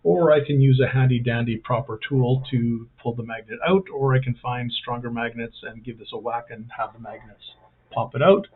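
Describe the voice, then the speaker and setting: A man's voice: medium pitch, moderate pace, husky. A man hosting a casual step-by-step hobby tutorial, talking in a rambling way with self-mocking jokey asides. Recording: thin phone-like sound.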